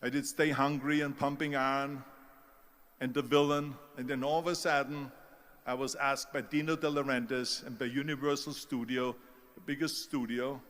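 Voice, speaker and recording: A man's voice: mid-range voice, little pitch movement, moderate pace, fairly bright tone, in a large hall. A man with a German accent giving an emphatic motivational speech, telling stories with force. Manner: emphatic storytelling. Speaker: speaker.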